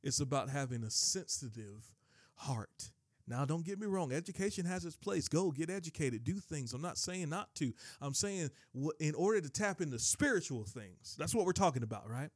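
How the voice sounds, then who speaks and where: A man's voice: a little high, animated, moderate pace, dry recording, clean studio sound. A man preaching a sermon with emphatic delivery, often repeating and restarting his phrases. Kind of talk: sermon teaching.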